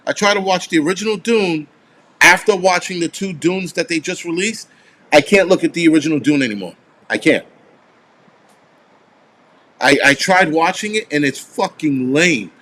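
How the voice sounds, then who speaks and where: A man's voice: fairly high pitch, expressive, moderate pace, pauses often, pushed and bright. A man in his forties hosting a casual live stream, rambling and swearing as he answers viewers. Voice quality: profane, rambling. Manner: answers viewer comments offhand.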